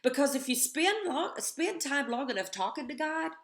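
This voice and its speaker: A woman's voice: high-pitched, expressive, normal speed. Earnest woman giving a devotional talk. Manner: earnest, reads and acts out scripture with rising emotion. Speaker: devotional speaker.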